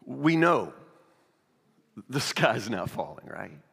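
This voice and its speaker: A man's voice: mid-range voice, sing-song, slow, vocal fry, a bit bright, husky. A man preaching a sermon, first reading scripture aloud, then telling a children's fable in a loose, repetitive way. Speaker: pastor. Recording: long reverb of a hall.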